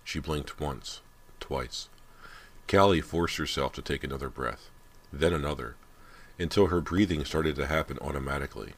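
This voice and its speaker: A man reading a horror novel aloud as an audiobook narrator, in a measured, steady way. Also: a bass voice. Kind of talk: scripted narration.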